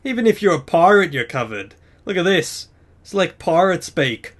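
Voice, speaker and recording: A man's voice: high voice, very animated, normal speed, a bit bright. A man hosting a game tutorial, talking casually and explaining each step of a screen-recorded walkthrough in an upbeat way.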